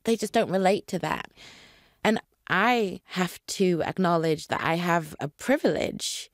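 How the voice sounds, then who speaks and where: A Nigerian-born woman raised in the UK speaks with a British accent as an actor guest on a podcast interview, her voice low-ish and unhurried. She comes across earnest and reflective, growing animated when indignant. The recording is dry and studio quality.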